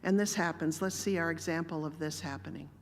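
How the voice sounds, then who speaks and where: A woman giving a sermon-style talk with personal stories, speaking in a calm, measured, gently conversational way. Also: deep voice, in a large hall, noisy background. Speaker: guest speaker. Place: church.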